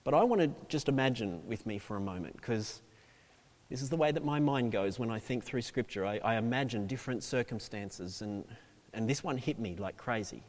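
A man's voice: medium pitch, animated, brisk. Preaching man in a reverberant hall. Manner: dynamic preaching, swings from loud emphasis to hushed asides. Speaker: pastor. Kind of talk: sermon.

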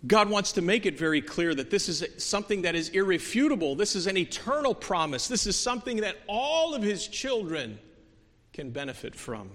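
A man preaching a sermon in a church, earnest, moving from soft, quiet stretches to emphatic peaks, with many restarts. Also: high-pitched, sing-song, moderate pace. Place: church sanctuary. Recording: long hall reverb.

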